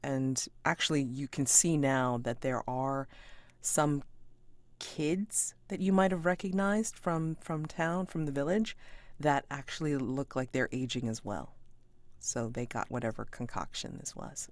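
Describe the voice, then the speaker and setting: Brief: low, dry-sounding woman narrating a tabletop game, loose and rambling. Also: fairly even intonation, measured pace, no room sound. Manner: rambling, hesitant narration with fillers. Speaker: game master.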